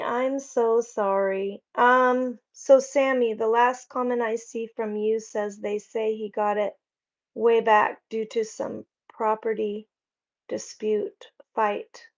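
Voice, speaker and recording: A woman's voice: fairly high pitch, little pitch movement, slow, lo-fi sound. A woman hosting a casual livestream, chatting and reading viewer comments in a rambling, friendly way. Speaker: livestream host. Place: home.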